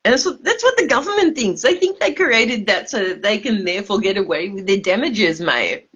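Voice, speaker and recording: A woman's voice: mid-range voice, big pitch swings, a little fast, a bit bright, husky, highs cut off. A drunk woman, rambling and swearing emphatically on a livestream, stumbling over her words.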